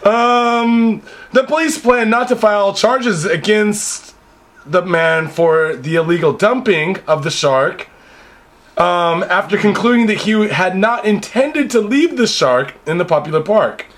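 A man's voice: high voice, unhurried, a bit bright. A man co-hosting a crude, joking podcast, reading news headlines aloud and riffing on them. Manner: crude, joking, reads headlines then riffs. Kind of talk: casual comedic podcast chat. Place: Japan.

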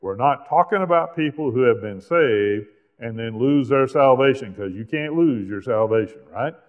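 A man preaches a sermon with emphatic, deliberate delivery, slowing right down when he reads scripture aloud. His voice carries a long echo from a church hall and sounds thin and tinny, as if heard over a phone line. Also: mid-range voice, animated. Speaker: pastor.

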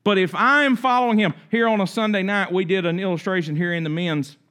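A man's voice: high-pitched, fast, a bit bright. A middle-aged man preaching a sermon, reading scripture with rising and falling intensity. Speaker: pastor.

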